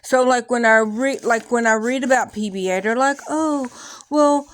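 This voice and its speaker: High-voiced woman rambling in a vlog. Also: brisk, no echo. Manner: rambling, animated, many likes and restarts. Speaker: vlogger. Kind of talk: casual confessional talk to camera.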